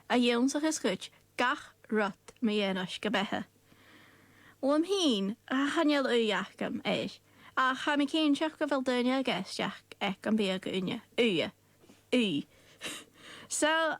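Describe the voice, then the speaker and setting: A woman's voice: a little high, no room sound. Woman presenting bilingual radio news.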